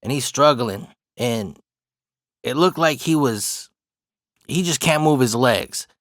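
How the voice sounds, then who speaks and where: A man in the middle of a casual personal story, cursing freely and laughing along as he goes. His voice sits at an ordinary middle pitch. The sound is close and dry, with no room around it. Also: animated, takes it slowly, dry recording. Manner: profane, laughs through the story.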